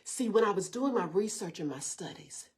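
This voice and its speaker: A middle-aged woman pastor giving a livestreamed devotional sermon, energetic and talking straight to viewers, often repeating words as she restarts. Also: medium pitch, normal speed, husky.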